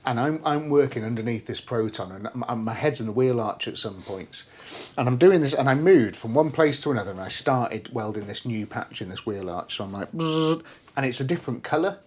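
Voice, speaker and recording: A man's voice: mid-range voice, a little fast, breathy edge. A young man co-hosting a podcast, telling a story in casual chat, swearing freely and acting out what people said. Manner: animated storyteller, swears freely, acts out quoted speech. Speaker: podcast co-host.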